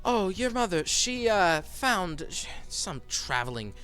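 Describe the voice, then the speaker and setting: Grumbly elf dad voiced by a man, flustered and muttering, pitched up a bit, faint music under it, needs to sound put-upon. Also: sing-song, slow, bright, forceful tone, full character voice. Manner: flustered, sighing, muttering complaints. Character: grumbling male drow elf craftsman father.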